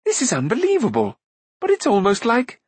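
A man voicing a curious, talkative young prince who bursts out in excited exclamations. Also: extremely high pitch, normal speed, breathy edge, dry recording, voice pushed up, heavily acted. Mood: amazed.

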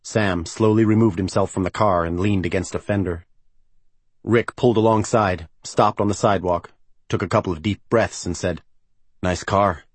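A man narrating a novel as an audiobook reader, in a measured, even storytelling manner. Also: low-pitched, breathy edge, no room sound. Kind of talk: scripted narration.

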